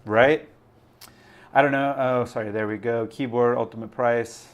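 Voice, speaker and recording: A man's voice: mid-range voice, fairly even intonation, normal speed. Rambling casual male streamer. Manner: rambling, chatty, filler-heavy. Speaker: crypto YouTube streamer. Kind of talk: casual live-stream chat.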